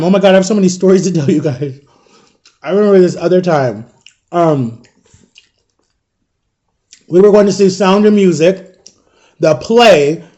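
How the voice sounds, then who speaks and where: A man in his thirties telling a personal story in a casual vlog, animated and acting out the people in it. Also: fairly high pitch, dull audio. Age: 30s. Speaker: storytime vlogger.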